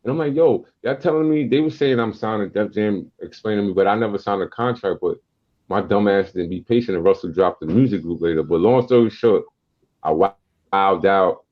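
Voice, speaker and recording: A man from Queens in his forties with a New York accent, a podcast guest telling stories in a casual, streetwise, animated way. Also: fairly low pitch, fairly quick, dull audio. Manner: animated, streetwise storyteller who acts out quotes. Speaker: guest rapper and producer.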